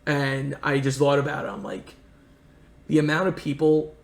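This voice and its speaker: Gravelly American man telling stories. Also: on the high side, little pitch movement, moderate pace. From United States. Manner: earnest, rambling anecdotes with many restarts. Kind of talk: casual storytelling chat. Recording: echoey room.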